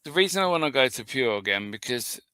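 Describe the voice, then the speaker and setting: Bright-toned man chatting casually. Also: mid-range voice, expressive, quick pace, clean tone. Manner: jokey, laughs often, swears freely. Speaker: podcast co-host. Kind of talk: casual chat.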